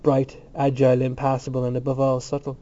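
A man's voice: mid-range voice, completely flat delivery, fairly quick, dark tone, muffled recording, lightly acted. A man voicing a brooding, defiant young student who answers tersely and bitterly.

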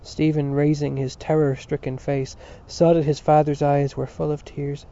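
A man reading a novel aloud as narrator, in a measured, expressive way. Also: on the high side. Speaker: audiobook reader. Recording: dull lo-fi recording.

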